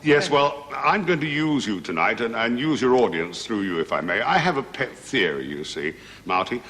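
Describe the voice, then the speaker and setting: A man as guest comedian on a TV variety show, telling jokes in a measured, patient way with assured asides. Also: medium pitch, lively intonation, fairly bright tone, slight background noise. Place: TV studio with live audience. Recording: roomy studio with long reverb.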